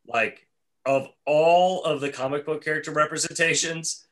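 A man's voice: on the high side, steady tone, moderate pace, fairly bright tone. A man hosting a casual podcast chat, enthusiastic and saying "dude" a lot. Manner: enthusiastic, says "dude" often. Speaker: podcast host.

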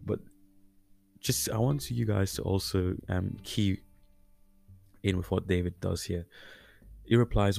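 A man's voice: deep voice, steady tone, a little slow, gravelly, pauses often, mellow, no room sound, soft background music. A man hosting a Christian podcast, teaching casually and conversationally with frequent fillers and restarts. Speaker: podcast host.

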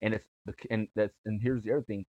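A man with a lowish voice chats casually as a podcast co-host, often circling back and restarting his thoughts. The recording is dry and a bit dull, with little room sound. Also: steady tone, fast, mellow, no echo. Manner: rambling, restarts sentences. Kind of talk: casual chat.

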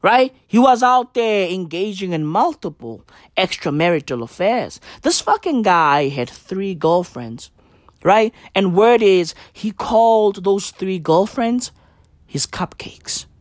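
Sweary ranter, slow and dry. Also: mid-range voice, no room sound. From South Africa. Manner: sweary, slangy, bursts into shouted questions. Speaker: vlogger. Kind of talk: profane comedic rant.

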